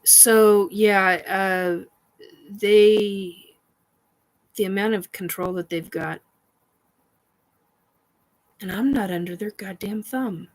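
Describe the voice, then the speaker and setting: Slow, rambling woman host. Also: mid-range voice, poor audio. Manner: rambling, swearing, defiant, with many fillers. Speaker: host of a paranormal chat stream. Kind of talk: casual live chat.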